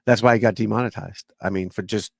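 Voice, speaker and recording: A male golf instructor chatting casually on a livestream, with vocal fry, rambling and swearing offhandedly. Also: fairly low pitch, fairly even intonation, fast, dry recording.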